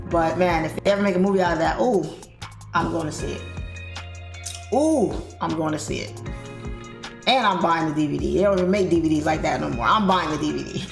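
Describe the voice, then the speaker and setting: A young woman with a slightly low voice hosts a live trading stream. She chats in a loose, animated way and reads viewer comments aloud as she goes. The room sounds roomy and echoey, and faint music plays underneath. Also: a little fast, creaky, pauses often. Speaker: trading livestream host. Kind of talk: casual livestream chat while trading.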